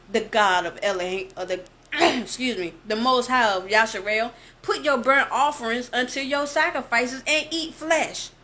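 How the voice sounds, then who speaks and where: A woman reading scripture aloud and preaching with passion, speaking straight to her listeners and slowing down to stress key phrases. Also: sits high, a bit bright. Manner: impassioned, addresses listeners directly. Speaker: bible teacher.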